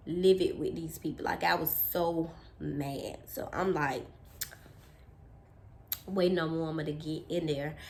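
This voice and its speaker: A woman telling a childhood story on her vlog, animated and dramatic, with lots of "like". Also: on the low side. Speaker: storytime vlogger.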